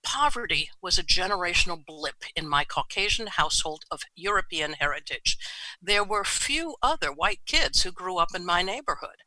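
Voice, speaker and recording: A man's voice: high voice, animated, moderate pace, bright, forceful tone, dry recording, poor audio. A man in his seventies from New York City, telling his life story in a reflective way and often checking in with "right?". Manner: reflective, often adds "right?" tag questions. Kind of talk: personal storytelling talk.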